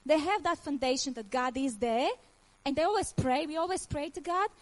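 A high-voiced woman in her thirties speaks with a Croatian accent, giving her personal faith testimony. Her English is nonnative and earnest, and laughter breaks in often as she speaks with feeling. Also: fairly quick, poor audio.

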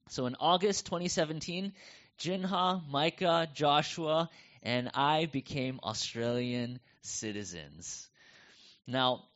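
A middle-aged American pastor with a North American accent preaches a conversational sermon, telling stories with animation. His voice is medium in pitch and fairly bright, and the recording has a dull, lo-fi sound.

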